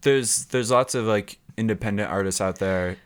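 Young male guest, very deep voice, casual rambler. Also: normal speed, clear, resonant tone. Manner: relaxed, filler-heavy rambling. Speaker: podcast guest, musician. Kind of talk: casual chat.

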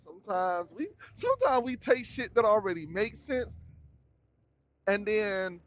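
A man hosting a solo podcast, talking in a rambling, slangy, animated way. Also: high voice, measured pace, muffled recording. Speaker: podcast host.

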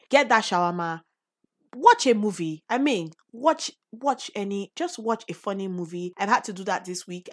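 A woman with a Nigerian accent hosting a personal podcast, speaking earnestly and encouragingly with sudden emphatic bursts. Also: lowish voice. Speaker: podcast host.

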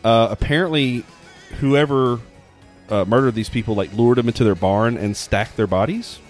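A man's voice: mid-range voice, moderate pace, soft background music. A man co-hosting a podcast, telling a story casually with plenty of fillers. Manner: storytelling, chatty, hesitant with fillers. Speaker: podcast co-host. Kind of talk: casual chat.

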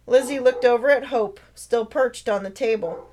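A woman author narrating her own novel in a steady, expressive read-aloud. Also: a little high, moderate pace, slight background noise, low-quality recording. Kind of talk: storytelling narration.

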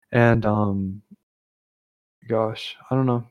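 A man's voice: fairly low pitch, steady tone, very slow, highs cut off. A young man hosting a casual chat, rambling with lots of fillers and restarts. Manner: rambling, full of fillers and self-corrections. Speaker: host.

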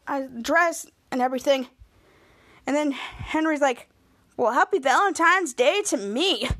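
High-voiced woman recapping a show. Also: a bit bright. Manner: rambling, chatty storytelling. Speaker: podcast host. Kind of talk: casual episode recap.

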